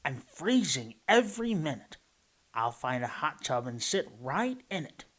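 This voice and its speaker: A man's voice: fairly high pitch, sing-song, a little slow, a bit bright, heavily acted. A man voicing a cheerful male snowman who shivers from the cold, in a picture book read-aloud. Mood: shivering.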